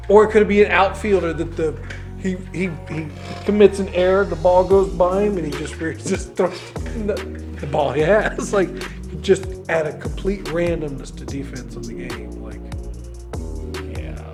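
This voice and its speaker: A man's voice: high voice, normal speed, over music. A man in his thirties from Texas, rambling in casual podcast chat, swearing and laughing often. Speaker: podcast host.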